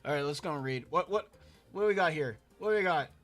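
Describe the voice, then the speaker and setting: High bright guy chatting away on his art stream, repeats himself a lot. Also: lively intonation, quick pace. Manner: rambling, repeats words, reads chat aloud while drawing. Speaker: streamer drawing a commission. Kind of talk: casual live-stream chat. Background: faint background music.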